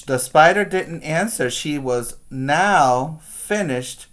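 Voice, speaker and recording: A man's voice: a little high, animated, slow pace, few pauses, a bit bright. A male preschool teacher reading a picture book aloud to young children, patiently pointing out the pictures and asking them questions.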